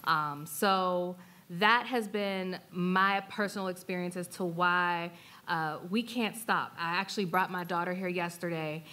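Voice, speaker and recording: Young woman on a panel telling her own story, low-ish voice, earnest, lots of ums. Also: steady tone, bright, forceful tone. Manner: earnest, plain-spoken, pausing with fillers. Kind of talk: personal testimony on a panel.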